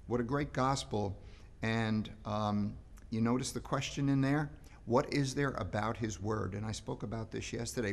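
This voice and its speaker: Gravelly-voiced priest giving a sermon. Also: male voice, medium pitch, normal speed. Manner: earnest, repeats words when pressing a point. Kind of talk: daily reflection sermon.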